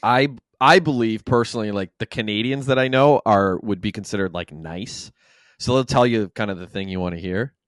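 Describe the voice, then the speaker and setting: A man's voice: fairly low pitch, brisk, no room sound, studio quality. A man in his thirties hosting a podcast, easygoing and laughing often, swearing casually. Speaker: host. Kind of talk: casual interview chat.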